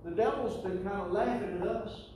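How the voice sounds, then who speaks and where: A man preaching a sermon, building to loud call-and-response with the congregation. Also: sits high, normal speed, a little hiss or hum. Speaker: pastor. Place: church sanctuary. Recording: echoey church hall, distant mic.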